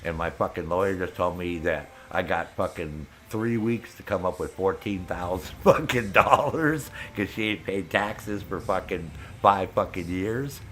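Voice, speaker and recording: A man's voice: sits low, unhurried, hardly any pauses, a bit bright, a little hiss or hum. Angry swearing man venting on stream. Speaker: game streamer. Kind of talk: casual chat while gaming.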